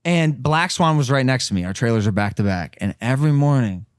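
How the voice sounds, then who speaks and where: A young man in his twenties hosting a podcast, telling stories in an animated, casual way with swearing. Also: mid-range voice, a little fast, clean tone, dry recording, clean studio sound. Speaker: podcast host. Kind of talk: casual chat.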